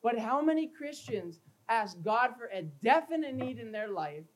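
A man's voice: extremely high pitch, sing-song, moderate pace, poor audio. Emphatic male preacher. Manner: emphatic, reads scripture aloud in King James wording; acts out everyday scenes with quoted voices. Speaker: pastor. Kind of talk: sermon.

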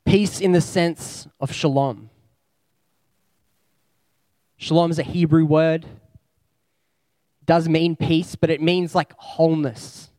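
A man preaching a sermon in a relaxed, conversational way, building slow spoken lists. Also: fairly high pitch, dry recording.

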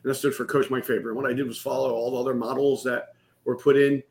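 This middle-aged guest, a business coach, is a fast talker with an ordinary-pitched voice that shows little pitch movement. In a conversational, open way, he recounts a painful personal story candidly and keeps checking in with "right?".

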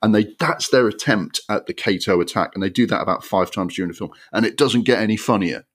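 A man with a very low voice rants about a film on his podcast, exasperated and sarcastic, swearing freely. His delivery swings between grumbling and incredulous outbursts. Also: fast, slightly rough. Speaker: podcast host. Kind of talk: ranting film review.

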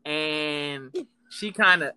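A man's voice: fairly high pitch, very slow, pushed and bright, smooth, dry recording. A man co-hosting a casual talk about relationships, candid and profane, telling stories with laughs.

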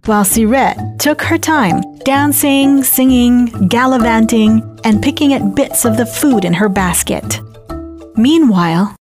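A woman's voice: fairly high pitch, unhurried. Wry woman narrating a comic fairy tale. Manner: irreverent, wry asides. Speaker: podcast host and narrator. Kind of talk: comedic storytelling. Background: faint music.

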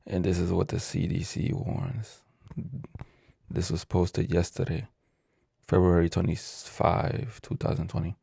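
A man talks in a very low, heavily gravelly voice, rambling and cursing as he trips over words he reads out. His tone is dark and husky, and the recording is dry and close. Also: completely flat delivery, measured pace, dry recording. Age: adult with a child. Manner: profane, rambling, stumbles over words while reading. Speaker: vlogger. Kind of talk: casual ranting monologue.

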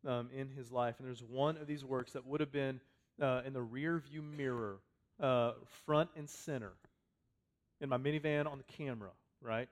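A pastor preaching a sermon to his congregation, talking conversationally and repeating phrases for emphasis, swinging from loud to quiet. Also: medium pitch, steady tone, normal speed. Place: church hall with a congregation.

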